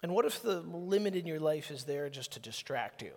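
A man preaching a sermon in a conversational, animated way, acting out little exchanges as he goes. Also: a little high, brisk, gravelly. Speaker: pastor. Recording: long hall reverb.

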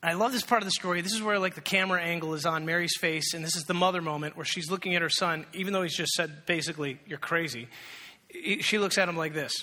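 A man preaching a sermon, telling a story with lively acted-out voices, then turning hushed and prayerful. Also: a little high, fast talker, long reverb tail. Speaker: pastor. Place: church.

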